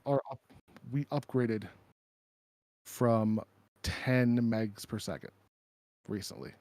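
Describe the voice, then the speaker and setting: A man's voice: mid-range voice, slow, a little mellow, dry recording. Joking, loose-talking man on a call. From Minnesota. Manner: loose, joking, swears casually. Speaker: crypto stream host. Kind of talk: casual chat. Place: home, rural.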